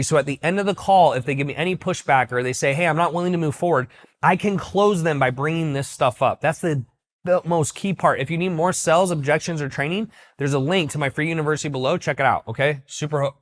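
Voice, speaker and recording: Confident man teaching business. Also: on the high side. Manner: confident, direct, salesy. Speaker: business coach. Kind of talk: talking-head business lesson.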